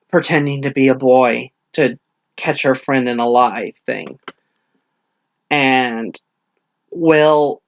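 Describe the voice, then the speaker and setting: A young man rambling through a casual book review, retelling the plot with lively acted-out quotes. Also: a little high, no room sound.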